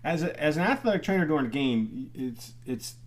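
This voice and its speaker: A man's voice: a little high, expressive, a little fast. Older man, former athletic trainer, casual storytelling, rambling, chuckling. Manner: rambling, restarts, laughs while telling stories. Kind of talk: casual storytelling in a group chat.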